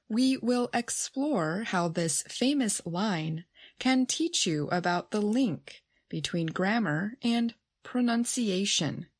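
A woman co-presenting a scripted grammar lesson, reading carefully and reading out example phrases. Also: mid-range voice. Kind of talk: scripted educational narration.

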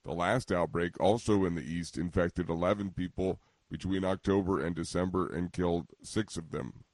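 A man reading a radio news bulletin as the anchor, in a measured, even delivery. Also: low-pitched, no room sound.

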